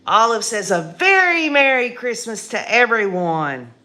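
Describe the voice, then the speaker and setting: An older woman with a raspy voice, hosting a casual live stream in a folksy, chatty way and reading viewer comments aloud. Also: a little high, big pitch swings, pushed and bright. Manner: slow, folksy and chatty, laughing often.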